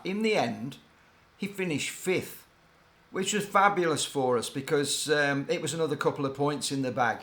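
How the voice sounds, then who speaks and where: An older man who once worked as a mechanic for a racing team tells loose, wandering anecdotes, drifting off on tangents in a relaxed, hesitant manner. His voice is slightly high and a touch bright.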